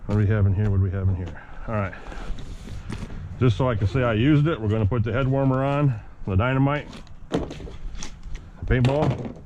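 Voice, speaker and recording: A man's voice: medium pitch, moderate pace, pauses often. A man chatting casually to his viewers while packing his gear, jokey and easygoing. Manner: chatty, jokey, talks to viewers as guys and boys. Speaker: RC hobby vlogger. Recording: dull lo-fi audio with clear background noise.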